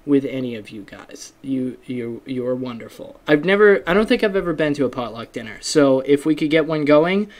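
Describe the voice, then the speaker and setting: A man's voice: mid-range voice, lively intonation, fairly quick, few pauses. A man hosting a solo podcast in a rambling, self-deprecating casual chat, with many fillers and restarts. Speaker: podcast host.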